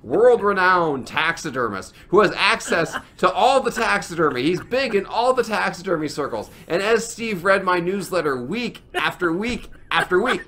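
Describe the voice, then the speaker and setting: A man co-hosting a comedy podcast, talking in deadpan, sarcastic casual banter. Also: high-pitched, moderate pace, hardly any pauses. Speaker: podcast co-host.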